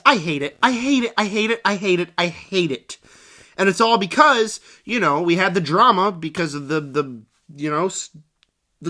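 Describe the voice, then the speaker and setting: Animated high-voiced young man ranting. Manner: animated, sarcastic, jumps into mocking voices. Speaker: movie reviewer. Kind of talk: spoiler review rant.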